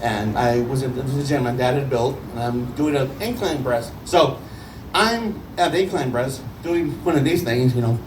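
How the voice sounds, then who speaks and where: A man doing a first stand-up set, rambling and halting with many restarts. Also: medium pitch, far from the mic, background noise. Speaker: stand-up comedian.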